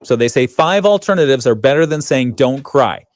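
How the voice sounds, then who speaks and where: A radio morning show host trades casual banter in his studio, laughing a lot as he reads headlines aloud. He has an animated mid-range voice at a normal speed, and the studio mic picks up no room sound.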